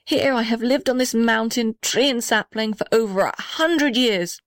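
A woman voicing an old male gum tree in a storybook, gentle and steady in manner. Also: fairly high pitch, moderate pace, no echo, studio quality, voice pushed up, close to an everyday voice. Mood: fretful. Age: older.

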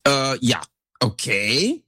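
A man's voice: mid-range voice, big pitch swings, slow, pushed and bright, slightly rough, no echo, clean studio sound. A man delivering a rambling, sarcastic political commentary monologue as host.

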